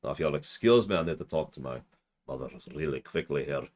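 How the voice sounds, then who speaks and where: Deep-voiced man rambling over game. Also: lively intonation, a little fast, a little mellow. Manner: rambling, interrupts himself, answers chat. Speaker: streamer playing a video game. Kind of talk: casual live-stream commentary.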